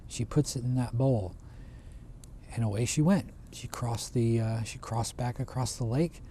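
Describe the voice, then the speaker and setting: A man's voice: medium pitch, moderate pace, slight background noise. Man telling a folk tale casually. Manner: relaxed, conversational, with frequent restarts. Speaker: storyteller. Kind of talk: casual oral storytelling.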